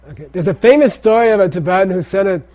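A man's voice: high voice, racing, warm tone. A man teaching a language class, drilling pronunciation by saying words and having students repeat them.

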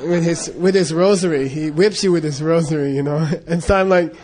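A man's voice: fairly high pitch, fairly quick, darkish tone. A man telling a casual, rambling story with lots of fillers and frequent laughs. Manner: rambling, many fillers and restarts, laughs often.

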